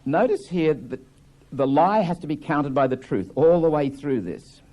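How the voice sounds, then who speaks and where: A man's voice: on the high side, expressive, normal speed, warm tone. A man giving a reflective lecture, explaining a play between dramatic readings.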